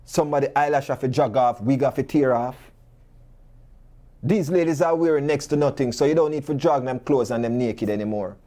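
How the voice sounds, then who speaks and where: A man with a Jamaican accent, hosting a talk show monologue full of rhetorical questions and animated stories in patois. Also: mid-range voice, brisk.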